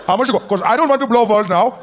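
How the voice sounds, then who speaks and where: A man's voice: very high voice, fast. A man voicing a bumbling male Indian terrorist mastermind who speaks politely, haggles, and uses broken English with a put-on Indian accent. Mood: haggling.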